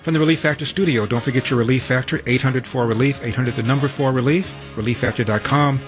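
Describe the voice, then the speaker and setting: A man's voice: mid-range voice, quick pace, music in the background. A man hosting a talk radio show in a studio, rattling through headlines with wry, sarcastic asides. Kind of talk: talk radio news rundown and monologue.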